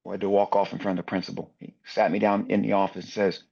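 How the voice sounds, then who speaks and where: A man's voice: lowish voice, level tone, fast talker, creaky, hardly any pauses, darkish tone, dull audio. A man in his sixties, a basketball referee, telling anecdotes in a podcast interview and acting out other people's lines.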